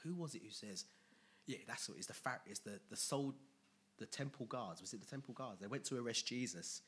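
A man preaching a sermon in a conversational way, dropping to quiet asides and rising to loud emphatic bursts. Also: medium pitch, animated, a little fast, breathy edge.

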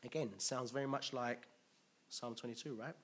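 A man preaching a conversational, animated sermon, laughing often and restarting his sentences. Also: medium pitch, normal speed, breathy edge. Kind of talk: expository sermon.

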